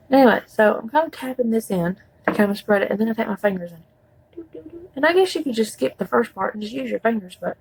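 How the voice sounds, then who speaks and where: A woman's voice: mid-range voice, vocal fry, a little mellow, husky, dry recording, poor audio. A woman chatting casually through a makeup tutorial, rambling with folksy asides. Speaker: beauty vlogger.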